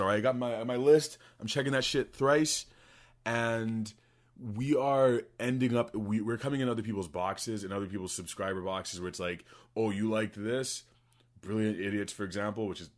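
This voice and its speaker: A young man co-hosting a podcast in casual chat, swearing often and rambling through jokes. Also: lowish voice. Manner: profane, rambling, jokey. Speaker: podcast co-host.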